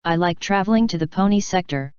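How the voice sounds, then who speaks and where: A woman reading the lines of a kindly, proud older man who gently waves off worry. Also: fairly low pitch, fast talker, smooth, no echo, dull audio, lightly acted. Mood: gentle. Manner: gentle, brushes off concern.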